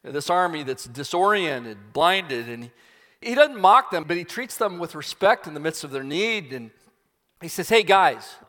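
A man's voice: a little high, big pitch swings, unhurried, sharp tone, long reverb tail. A man preaching, retelling a story dramatically. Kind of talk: sermon storytelling.

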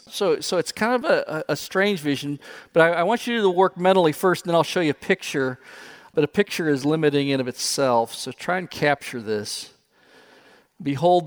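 Older Midwestern pastor, lively telling. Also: male voice, on the high side. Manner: animated storytelling, chuckles often. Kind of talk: sermon.

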